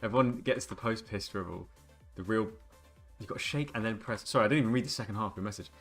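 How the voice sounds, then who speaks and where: A man in his twenties with a fairly low voice talks casually to his live-stream chat. He rambles and jokes between gameplay remarks, with faint music playing behind him. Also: fast, a bit bright, slightly rough. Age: 20s. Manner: joking, rambling banter with chat. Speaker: game streamer.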